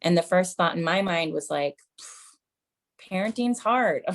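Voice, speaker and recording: Her voice fairly low and steady, a woman in her thirties moves fairly quickly through a stand-up set. The comedian keeps things chatty, mocks herself with mom jokes, and often calls the crowd "you guys."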